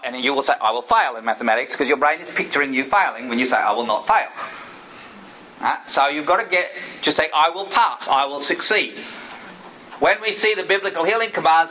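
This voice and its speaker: A middle-aged male preacher with a bright, forceful tone and a fairly high voice. He teaches earnestly, drives points home with "right?" and slips into acted-out prayers. A faint hiss runs underneath. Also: poor audio. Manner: acts out quoted speech and prayers. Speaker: preacher and former missionary. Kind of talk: teaching sermon.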